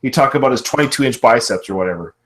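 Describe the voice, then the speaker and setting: A man in his thirties co-hosting a podcast, chatting casually about a film, laughing often and quoting lines with excitement. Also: medium pitch, racing. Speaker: podcast co-host.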